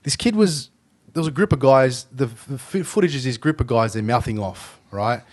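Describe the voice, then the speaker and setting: Animated Australian man telling stories. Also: mid-range voice, moderate pace. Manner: animated storyteller, swears freely. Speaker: podcast host. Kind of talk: casual chat.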